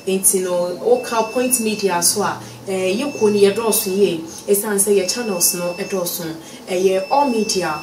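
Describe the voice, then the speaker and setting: A woman's voice: medium pitch, a little slow, hardly any pauses, far from the mic, a little hiss or hum. Ghanaian woman interviewer, echoey. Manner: prompting, frequent soft affirmations. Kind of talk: street interview.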